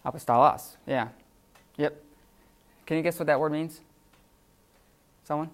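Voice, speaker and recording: A man teaching a Greek class in a classroom, in an informal, halting manner with many fillers. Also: fairly high pitch, steady tone. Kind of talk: classroom lecture.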